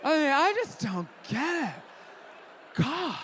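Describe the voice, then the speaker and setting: A middle-aged man doing a stand-up comedy rant, profane and exasperated, breaking into shouts. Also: extremely high pitch, big pitch swings, slow, background noise. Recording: reverberant theater stage.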